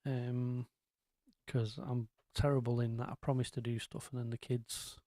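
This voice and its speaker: A man chats his way through a casual live stream, wandering off on tangents. His voice is mellow and low-key, recorded close and dry with no room sound. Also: flat delivery, moderate pace, dry recording. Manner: rambling, chatty, lots of ums and asides.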